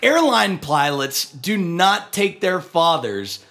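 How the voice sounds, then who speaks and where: Brash, profane man with lively pitch. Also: takes it slowly, vocal fry, soft background music. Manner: brash, profane, argues loudly. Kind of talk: casual chat.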